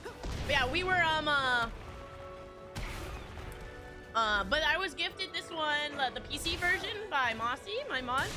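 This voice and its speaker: A woman game streamer chatting casually with viewers, rambling with lots of restarts and little laughs. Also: high-pitched.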